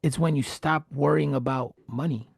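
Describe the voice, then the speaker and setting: A man with a somewhat high voice and a gravelly edge talks animatedly as the host of a casual live-streamed chat. He often doubles words when he gets going. The sound is dry and close, with no room around it. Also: steady tone, normal speed, no room sound.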